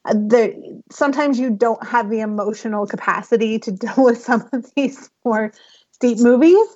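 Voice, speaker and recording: Emphatic woman, higher voice, muffled call. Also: moderate pace. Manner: lively, emphatic, giggly. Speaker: podcast panelist. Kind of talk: casual podcast chat. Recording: dull lo-fi call audio.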